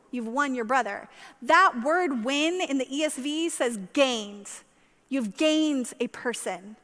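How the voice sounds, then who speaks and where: A woman pastor delivers a sermon, her high voice ringing with long reverb in a church sanctuary. She speaks with passion, pressing toward emphatic peaks before easing back down. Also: fairly bright tone.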